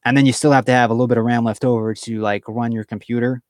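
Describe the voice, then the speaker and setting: A man's voice: mid-range voice, flat delivery, fast talker, darkish tone, no echo, clean studio sound. A man hosting a casual live stream, reading out viewer comments and chatting in a rambling way, full of fillers and restarts.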